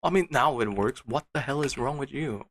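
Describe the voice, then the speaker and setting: A man's voice: mid-range voice, animated, normal speed, slight background noise. A man streaming a game, muttering to himself with frustrated, disbelieving outbursts. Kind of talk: casual gameplay commentary.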